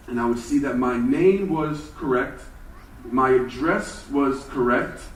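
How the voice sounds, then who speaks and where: Man telling his story in a roomy hall. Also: on the high side. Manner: storytelling, shifts between hushed and emphatic. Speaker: speaker. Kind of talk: personal motivational talk. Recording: roomy hall from far off with faint ambience.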